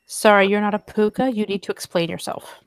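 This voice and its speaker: A woman's voice: mid-range voice, fairly even intonation, a little fast, no room sound. A woman with a mid-range voice explains her character's moves during a tabletop game session. The recording is dry and close, with no room sound. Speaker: player. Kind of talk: casual tabletop game chat.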